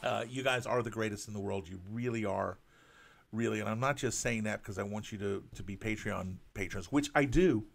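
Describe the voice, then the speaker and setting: Halting, apologetic man streaming live. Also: fairly low pitch, creaky. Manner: halting, stammering, many restarts; earnest, apologetic. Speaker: cartoonist hosting a live drawing stream. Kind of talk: casual live-stream monologue.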